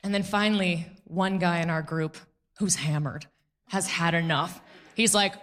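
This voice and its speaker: Bright-voiced woman doing stand-up. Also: fairly low pitch. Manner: animated, mimics people in quick asides. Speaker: stand-up comedian. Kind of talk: stand-up comedy set. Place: comedy club stage with live audience.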